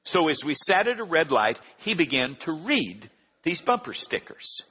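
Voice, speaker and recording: A middle-aged male pastor preaching a sermon, telling a story and swinging between hushed and loud. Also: fairly high pitch, very animated, moderate pace, husky. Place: church sanctuary. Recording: dull recording with long hall reverb.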